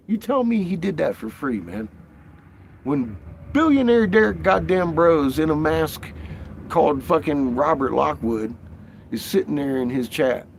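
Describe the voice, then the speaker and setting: A man's voice: mid-range voice, vocal fry, slight background noise. A man hosting a casual livestream, ranting in a profane, rambling way and laughing often. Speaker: livestream host.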